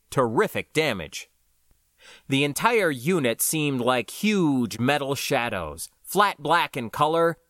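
A man narrating a science fiction audiobook in the first person, with an expressive storytelling delivery. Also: a little high, no echo, clean studio sound.

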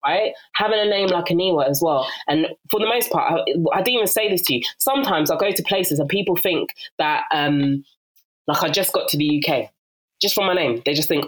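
A young South London woman speaks in a fairly low, brisk voice as a guest in a casual interview. She tells stories with animation, acts out other people's voices, and laughs often.

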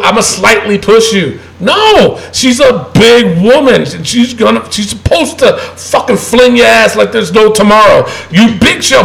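A high-pitched man with a gravelly edge rants on a podcast. He swears freely and hammers his points home with repetition. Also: fairly bright tone, low-quality recording. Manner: profane, emphatic, ranting. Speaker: co-host. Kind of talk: heated casual chat.

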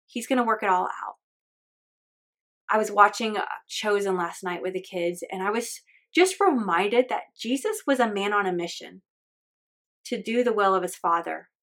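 A woman's voice: mid-range voice, normal speed, fairly bright tone. A woman hosting a faith podcast, talking in an earnest, candid and chatty way with lots of fillers. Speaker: podcast host.

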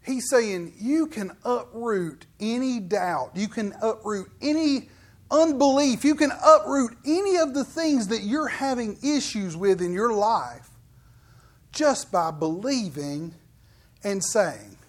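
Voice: medium pitch, lively intonation, slow. An emphatic preacher teaching from scripture. The delivery is conversational and keeps reaching out to the listeners with asides and questions. The pace rises and falls to stress each key point. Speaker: pastor. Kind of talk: sermon.

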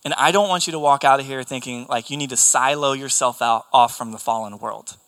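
Bright-voiced earnest male preacher. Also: mid-range voice, brisk. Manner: earnest, emphatic, repeats key phrases. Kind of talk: sermon.

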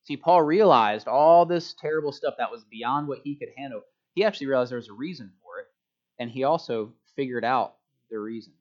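A man giving a relaxed, chatty sermon to a church congregation, joking about himself as he goes. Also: medium pitch, fairly quick. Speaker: preacher. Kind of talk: casual sermon. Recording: dull lo-fi sound.

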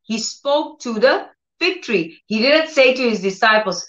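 A woman's voice: fairly high pitch, animated, measured pace, a bit bright, echoey room, highs cut off. A woman preaching a conversational sermon on her own channel, earnest and repetitive, with many restarts and direct questions to her listeners. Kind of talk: conversational sermon with Bible reading.

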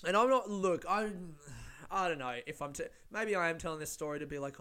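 A man's voice: on the high side, brisk, sharp tone, smooth. A young man telling a story in a rambling way, swearing often. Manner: rambling, lots of swearing and fillers. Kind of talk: casual storytelling.

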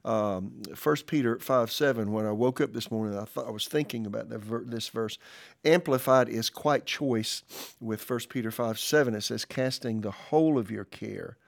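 A man preaching on a church podcast, reading scripture and quotes aloud, then commenting in a relaxed, conversational way with fillers. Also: mid-range voice, moderate pace, creaky. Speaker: pastor. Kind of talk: podcast sermon.

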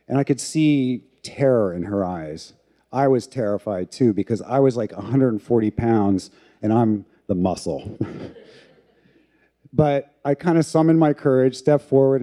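A middle-aged man tells a personal story to an audience. His voice is deep in tone, very dark and mellow. He talks candidly and pokes fun at himself. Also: unhurried. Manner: candid, self-mocking, with laughs.

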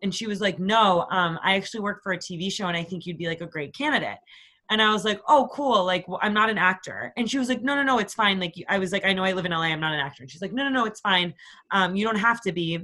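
A woman in her twenties, co-hosting a podcast, telling stories in a casual, profane, animated way. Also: on the low side, racing. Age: 20s. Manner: profane, animated storytelling with quoted voices. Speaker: podcast co-host. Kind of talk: casual storytelling chat.

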